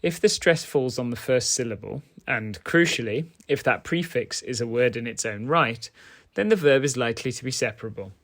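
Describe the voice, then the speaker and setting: A man teaching a scripted grammar lesson in a clear, measured way. His voice sits in an ordinary middle pitch, and he moves between English explanations and carefully spoken German words. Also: animated, fairly bright tone.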